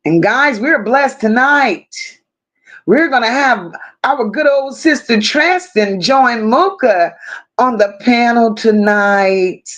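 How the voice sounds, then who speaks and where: A woman hosting a casual livestream, greeting viewers one by one and reading their chat messages aloud. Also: on the high side. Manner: warm drawn-out greetings, reads chat aloud. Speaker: livestream host.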